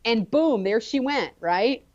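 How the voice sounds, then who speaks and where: A woman guest telling a personal story in an animated, expressive way during a conversation. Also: on the high side, slow, highs cut off.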